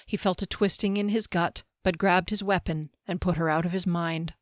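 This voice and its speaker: A woman author reading her own fantasy novel aloud in a steady, clear storytelling voice. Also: fairly low pitch, normal speed, dry recording, studio quality. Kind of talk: audiobook fantasy narration.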